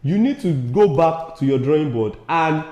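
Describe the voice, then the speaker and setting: A young Nigerian man with a Nigerian accent co-hosting a casual news review, animated and laughing often. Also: normal speed. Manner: animated, laughing often, rising to high excited tones. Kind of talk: casual news commentary chat. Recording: echoey room.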